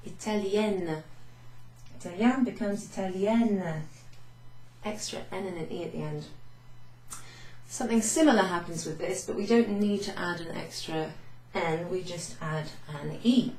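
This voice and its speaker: Woman as patient language teacher, lowish mellow voice, echoey room. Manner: patient, explains step by step with French examples. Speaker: French teacher. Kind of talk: recorded lesson recap.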